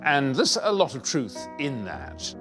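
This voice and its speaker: A man commenting in a documentary interview with animated, opinionated storytelling. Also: mid-range voice, unhurried, over music. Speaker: royal commentator.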